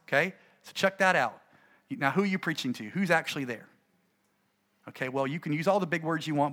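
A middle-aged man, a pastor, gives an animated, conversational talk to fellow preachers and acts out his stories. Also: on the high side.

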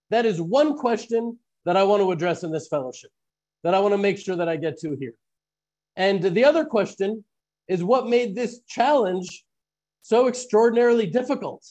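A man's voice: sits high, dark tone. A man hosting a live online Bible teaching, posing earnest questions to his listeners.

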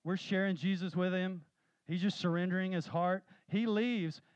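A man preaching a sermon, telling stories with animated, rising emphasis. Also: high voice, moderate pace, clear, resonant tone, no room sound, lo-fi sound. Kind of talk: sermon with storytelling.

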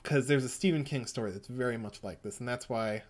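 A man casually recapping a story for a friend, rambling along with plenty of chuckles and asides. His voice sits at an everyday middle pitch. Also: fairly quick. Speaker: podcast co-host. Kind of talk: casual chat recapping a manga.

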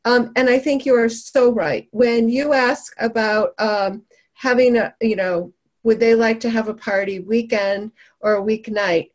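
A woman's voice: on the high side, fairly even intonation, measured pace. A woman hosting, recapping her guest's points with upbeat enthusiasm. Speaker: podcast host.

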